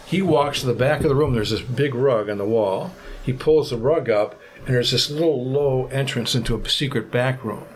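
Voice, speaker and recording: A man, a podcast guest, telling a travel story in a vivid, animated way. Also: mid-range voice, moderate pace, few pauses, a little hiss or hum. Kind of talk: storytelling anecdote.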